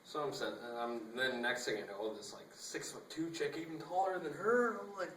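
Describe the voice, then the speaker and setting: A young man rambles through a story, jumping into little voices for each person he quotes. His mid-pitched voice sounds roomy and distant, caught on a phone a few feet away. A faint background hum runs underneath. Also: fairly quick. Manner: rambling, animated, acts out dialogue, laughs often. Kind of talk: casual storytelling vlog. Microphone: phone camera. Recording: echoey phone recording from a distance.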